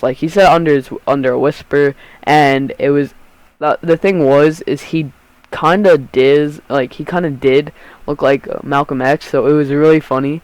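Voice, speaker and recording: A man's voice: fairly high pitch, fairly even intonation, normal speed, no room sound, rough recording. A teenage boy telling a rambling, profane storytime to his vlog audience, often cutting himself off mid-sentence. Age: teens. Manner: rambling, profane, self-interrupting. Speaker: YouTube storyteller.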